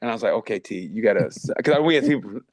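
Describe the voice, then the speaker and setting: A man's voice: on the low side, lively intonation, very fast, a little mellow, dry recording. A man tells a story on a comedy podcast, his voice rising and falling all over the place. He swears freely and breaks into laughter often. The sound is dry and close, with no room heard. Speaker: podcast co-host. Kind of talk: casual comedic chat.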